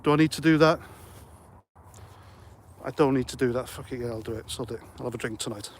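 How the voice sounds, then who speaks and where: A man's voice: mid-range voice, fairly quick, a little hiss or hum. Chatty man livestreaming. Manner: chatty, rambling, jokey asides. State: slightly out of breath. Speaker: livestream host. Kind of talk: casual livestream chat reading comments.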